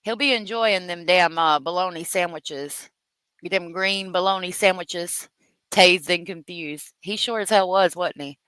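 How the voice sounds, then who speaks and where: A woman's voice: fairly low pitch, a little slow, a bit bright, smooth, dry recording, rough recording. A woman hosting a true crime livestream, chatting casually, reading viewer comments aloud and laughing often.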